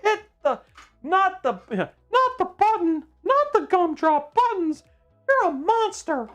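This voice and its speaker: A tiny gingerbread man squeals and begs in a pinched, high voice, put on by a man. He sounds frantic and wounded, with faint music playing behind him. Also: very animated, slow, fairly bright tone, full character voice. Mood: frantic pleading.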